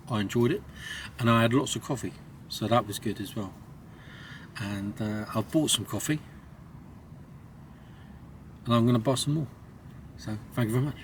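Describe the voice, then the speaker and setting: A lorry driver talks casually to his camera from inside his truck cab in a vlog-style chat, rambling along with plenty of swearing and self-mockery. His voice sits on the low side, and a faint hiss or hum runs under the recording.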